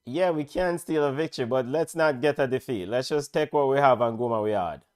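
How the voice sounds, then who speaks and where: A man with a Jamaican accent, hoarse from calling the game, giving chatty live football commentary that bursts into shouts. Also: medium pitch, brisk. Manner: excitable, chatty, bursts into shouts at big moments. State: hoarse, voice worn out. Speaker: play-by-play commentator.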